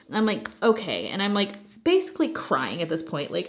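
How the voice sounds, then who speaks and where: A young adult woman chats casually over her craft project. She tells stories in an animated way, laughs often and swears now and then. Her voice is a little snuffly from a lingering cold. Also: medium pitch, fairly quick. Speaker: craft channel host. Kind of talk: casual chat while diamond painting.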